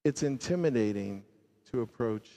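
A man preaching a sermon as pastor, swinging from loud emphasis to hushed, low endings. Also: expressive, normal speed. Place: church sanctuary. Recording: long reverb of a large church.

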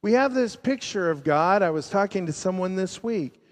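A man preaching a sermon as pastor, swinging from loud emphasis to hushed, low endings. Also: animated, moderate pace. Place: church sanctuary. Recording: long reverb of a large church.

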